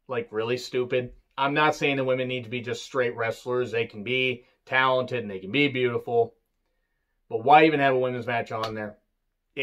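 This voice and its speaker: A man's voice: mid-range voice, fairly bright tone, muffled recording. A man giving a casual, opinionated review, ranting, swearing and joking sarcastically, with sudden bursts of emphasis. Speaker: wrestling reviewer.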